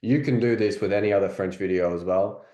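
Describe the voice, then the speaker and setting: Australian man coaching casually, low mellow voice in an echoey room. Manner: casual, chatty, repeats phrases slowly to demonstrate. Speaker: French coach. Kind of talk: language lesson. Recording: roomy echo.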